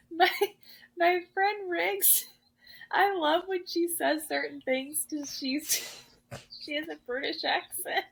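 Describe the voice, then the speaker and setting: A woman's voice: extremely high pitch, steady tone, extremely slow, gravelly, long pauses, fairly bright tone, low-quality recording. A woman co-hosting a podcast in casual chat, rambling and giggling as she tells stories. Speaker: podcast co-host.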